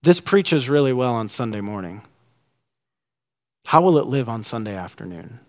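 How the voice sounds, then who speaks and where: A man in his thirties preaching a sermon as a pastor, animated and rising high and excited when he acts out quotes. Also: moderate pace.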